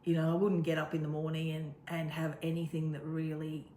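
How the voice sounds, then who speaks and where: A woman's voice: sits low, level tone, brisk, warm tone. A woman in casual chat as a co-host, rambling and laughing easily. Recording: echoey room with faint noise.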